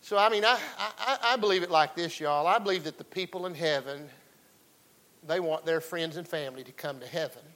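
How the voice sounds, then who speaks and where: A man delivers a folksy sermon and keeps calling out to his congregation. His voice is bright and sits a little high for a man. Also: brisk, low-quality recording. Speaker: pastor.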